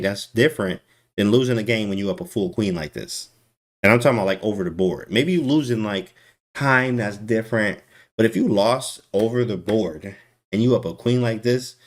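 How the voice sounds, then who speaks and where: Male chess streamer, low-ish, animated and teasing. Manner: animated, teasing, talks to chat. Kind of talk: casual live-stream chess commentary.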